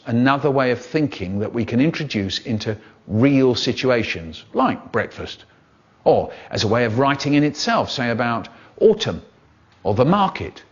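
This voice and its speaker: An older man performing poems and stories, playful and theatrical, stretching words out for effect. His pitch leaps and dips with lively expression while staying mid-range. The recording is dull and lo-fi. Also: breathy edge. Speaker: poet and storyteller. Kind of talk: expressive poetry performance and talk.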